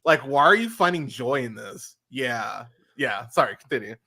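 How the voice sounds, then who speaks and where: A man's voice: medium pitch, expressive, normal speed, over a noisy crowd. A man hosting a podcast, talking casually and animatedly, laughing often and restarting his sentences. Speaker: podcast host.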